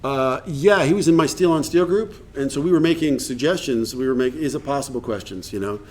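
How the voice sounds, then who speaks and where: A man heading a recovery workshop in a meeting room speaks earnestly, now and then acting out lines of dialogue. The voice is mid-range and a little mellow, delivered slightly fast.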